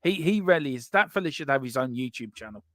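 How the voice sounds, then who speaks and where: A man co-hosting a live fan stream, animated and opinionated as he questions guests. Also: medium pitch, fast, no echo, clean studio sound.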